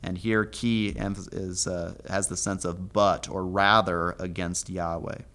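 A man teaching a Hebrew Bible lesson, methodically reading the verses aloud slowly and explaining the grammar. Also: low voice, level tone, a bit bright.

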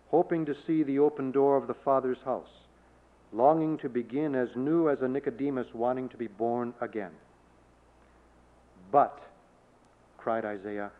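A man preaching a measured sermon, rising to emphatic declarations in quoted scripture. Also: a little high. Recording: tinny phone-like sound.

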